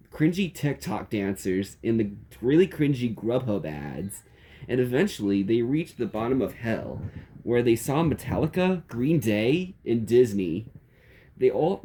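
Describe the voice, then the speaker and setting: A man's voice: mid-range voice, dark tone. A man narrating a silly comedic story in a playful, chuckling way.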